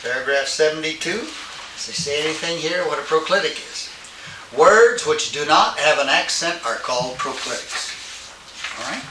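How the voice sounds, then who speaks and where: This older man's voice is fairly high, pushed and bright as he lectures a classroom on Greek grammar. Patient throughout, he keeps checking in with "all right?" The sound is from old tape: distant, roomy, with hiss.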